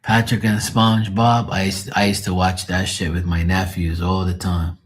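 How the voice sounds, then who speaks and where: Low husky man chatting profanely. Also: flat delivery, moderate pace. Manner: profane, storytelling, chuckling. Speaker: live streamer. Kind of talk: casual rambling chat.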